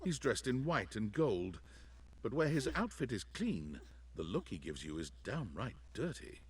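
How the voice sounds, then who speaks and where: A man's voice: mid-range voice, very animated, unhurried, husky. A man giving dry, wry scripted narration in a video game.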